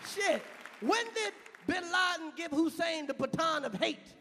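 A stand-up comedian, a man, riffs in a loud, profane, animated way and shouts his punchlines. His voice sits very high for a man. It echoes through a large hall, with a faint crowd and a light hum behind him. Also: measured pace, gravelly. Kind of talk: live stand-up routine. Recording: live venue with reverb and audience.

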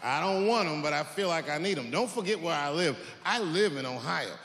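Gravelly-voiced man doing profane stand-up. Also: a little high, animated, fairly bright tone. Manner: profane, conversational punchlines with long pauses. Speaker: stand-up comedian. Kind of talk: stand-up comedy. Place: stage in a hall with a live audience. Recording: echoey hall with crowd noise.

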